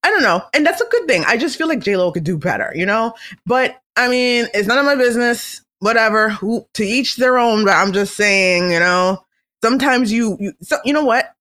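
Chatty vlogger dishing celeb gossip, opinionated, kinda playful, medium pitch. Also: lively intonation, moderate pace, bright, forceful tone. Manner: chatty, opinionated, slips into comic impressions. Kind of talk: casual celebrity gossip monologue.

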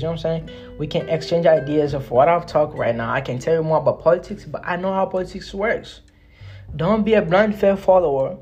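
This woman, originally from Congo, hosts a solo podcast where she lectures her listeners bluntly and emphatically, swearing and repeating her points. Her voice sits on the low side and is a little mellow, and the audio sounds dull.

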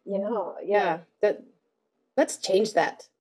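A woman's voice: mid-range voice, takes it slowly, a little mellow, slightly rough. A woman in casual conversation, speaking in a thoughtful, earnest way. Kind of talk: casual chat.

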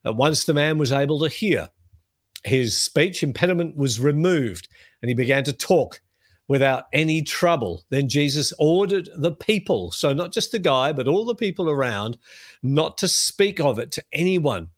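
A middle-aged man teaching the Bible on a podcast, telling the stories in a lively way and reading scripture aloud. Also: fairly high pitch, moderate pace, no room sound.

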